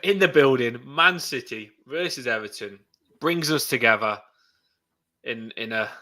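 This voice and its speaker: Bright-voiced enthusiastic Englishman. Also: medium pitch, unhurried. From England. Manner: earnest, enthusiastic about his club. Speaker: guest, football fan. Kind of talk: casual conversation.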